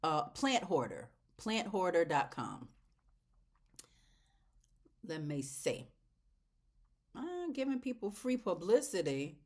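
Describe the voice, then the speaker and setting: Expressive woman plant vlogger. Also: lowish voice, slow pace, long pauses. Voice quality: expressive, swinging between loud exclamations and soft near-whispers. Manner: chatty and heartfelt, talking straight to viewers as y'all. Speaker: plant channel host. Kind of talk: casual plant vlog.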